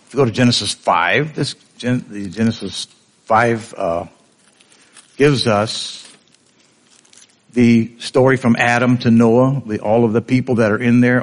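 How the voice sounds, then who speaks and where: A male preacher giving a conversational sermon, often asking the congregation questions. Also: medium pitch.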